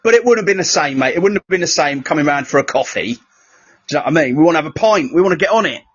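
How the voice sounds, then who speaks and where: A man's voice: a little high, lively intonation, rapid-fire, breathy edge. A man chatting as a guest, telling laddish, sweary stories. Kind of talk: casual chat. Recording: muffled lo-fi audio.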